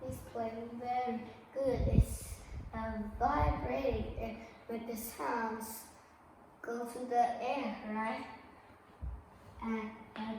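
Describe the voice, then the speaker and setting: A woman teacher talks her class through a lesson at an unhurried pace, pausing to ask "okay?" and "right?" after nearly every phrase. Her voice sits a little high and comes from a distance in a very echoey room. Steady noise hums under the recording. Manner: slow, repeats "okay?" and "right?" often, non-native grammar.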